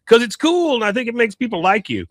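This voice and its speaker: A man voicing a brash young boy with an excited, show-off way of talking. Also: very high voice, quick pace, no echo, clean studio sound, voice pushed up, exaggerated voice. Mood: eager.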